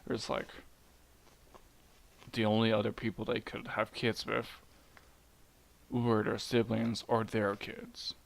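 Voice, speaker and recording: A young man retelling a myth casually at home, muttering quietly and rambling with jokes. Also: fairly low pitch, monotone, takes it slowly, creaky, pauses often. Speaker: storyteller. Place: home at night.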